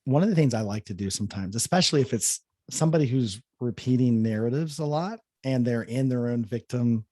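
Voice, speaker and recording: Husky-voiced man telling a story. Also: mid-range voice, brisk, few pauses, dry recording, clean studio sound. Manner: reflective, relaxed storyteller. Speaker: podcast guest. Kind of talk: conversational storytelling.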